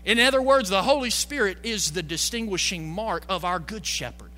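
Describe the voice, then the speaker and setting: A man preaching a sermon, calling for amens and asking the congregation questions, swinging between loud emphatic peaks and low quiet asides. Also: animated, normal speed, slight background noise. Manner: call-and-response preaching, asks the congregation questions. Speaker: pastor.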